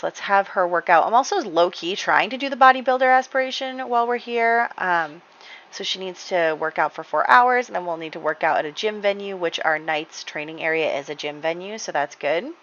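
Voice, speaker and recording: A woman's voice: mid-range voice, brisk, a bit bright, dull audio. A woman giving casual, rambling gameplay commentary, chatty, with lots of ums and light laughs. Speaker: gaming channel host.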